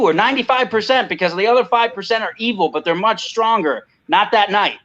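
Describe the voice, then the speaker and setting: Man, high pitch, bright tense tone, heated emphatic talk, muffled call audio. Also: lively intonation, brisk, hardly any pauses. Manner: heated, emphatic, repeats "I mean" and "you know". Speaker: guest. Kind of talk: impassioned video call talk. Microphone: video call.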